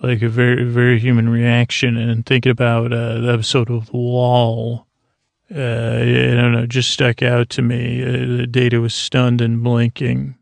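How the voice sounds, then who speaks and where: Gravelly, monotone man rambling a recap. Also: mid-range voice, unhurried, no echo. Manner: meandering, full of fillers and restarts. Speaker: podcast host. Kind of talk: rambling TV episode recap for sleep.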